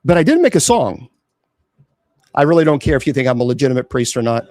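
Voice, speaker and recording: A man's voice: medium pitch, very animated, quick pace, darkish tone. A man who is a clergyman hosting his own show, talking casually and defiantly to viewers about online trolls. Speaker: host and clergyman. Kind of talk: casual livestream talk.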